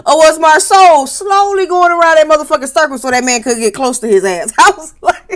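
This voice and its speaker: A woman hosting a casual reality TV recap, telling it in a lively, profane way and acting out the quotes. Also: high-pitched, a little fast. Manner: animated, profane, laughing storyteller acting out quotes.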